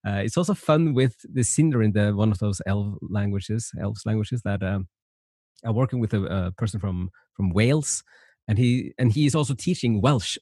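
A man's voice: on the low side, darkish tone, slightly rough, no room sound, studio quality. A man hosting a podcast interview who talks hesitantly, with many fillers and restarts. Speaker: podcast host. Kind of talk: casual interview conversation.

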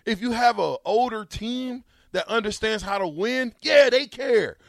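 A man hosting a sports talk show, mocking a clip with laughter and loud asides. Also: high voice, expressive, a little slow, creaky, no echo, studio quality.

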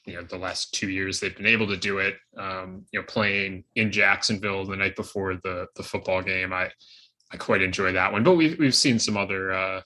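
A man's voice: low-pitched, fairly even intonation, normal speed, sharp tone. A man co-hosting a sports podcast in casual chat, loose and full of filler words and restarts. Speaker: podcast co-host.

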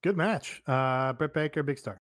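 A man's voice: a little high, normal speed, a bit bright, no room sound, studio quality. A man co-hosting a podcast in casual chat, rambling with lots of fillers and casual swearing. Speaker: podcast co-host.

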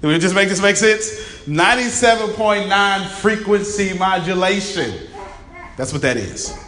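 A raspy-voiced man giving an interactive seminar talk, emphatic, repeating key phrases and quizzing his live audience. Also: high voice, animated, measured pace, sharp tone. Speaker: motivational speaker. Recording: echoey room, faint ambience.

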